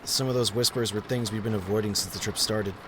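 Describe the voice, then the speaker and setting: An actor playing a steady man on a road trip, with a dry, wry way of talking. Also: lowish voice, quick pace. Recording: background hiss.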